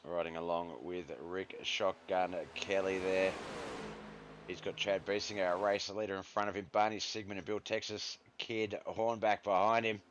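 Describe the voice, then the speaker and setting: A man hosts a live stream, casually commentating on a racing league and chatting with viewers, whom he calls "brother." His voice is low and a bit bright, with a level tone at normal speed. Slight background noise can be heard.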